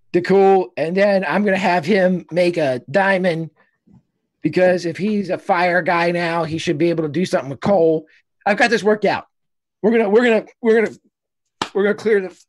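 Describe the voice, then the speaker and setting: A man at a tabletop game chats with the group, excitable and profane. He laughs often and jumps into his ideas with energy. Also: high voice, normal speed, no echo, clean studio sound. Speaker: player. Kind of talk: casual chat at a gaming table.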